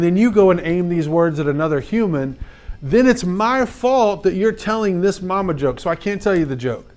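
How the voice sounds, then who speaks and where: A man teaching a class of fifth graders, telling a personal story in an animated, chatty way, with lots of "like" and direct questions to the kids. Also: high-pitched, moderate pace.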